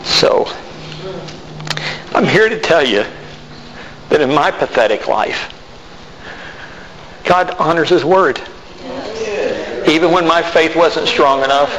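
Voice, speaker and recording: The preacher's voice sits a little high and sounds somewhat bright as he recounts a personal testimony from the pulpit, voicing each side of the remembered dialogues. The sound is reverberant, as in a hall, with a faint noise underneath.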